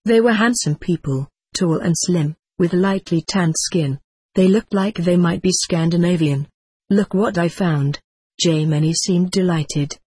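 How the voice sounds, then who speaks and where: A woman reading a first-person memoir aloud as an audiobook narrator, in a measured, descriptive way. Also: lowish voice, warm tone, slightly rough, no echo.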